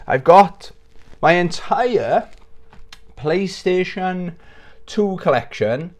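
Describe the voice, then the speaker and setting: A man's voice: mid-range voice, expressive, normal speed. A British man hosting a casual video channel, rambling and joking at his own expense into a plugged-in microphone. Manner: rambling, jokey, self-mocking. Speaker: YouTube host. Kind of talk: casual vlog chat.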